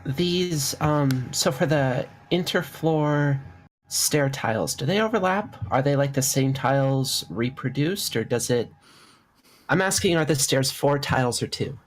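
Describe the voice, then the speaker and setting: A tabletop player on voice chat, asking halting questions full of ums. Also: medium pitch. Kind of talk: tabletop game over voice chat.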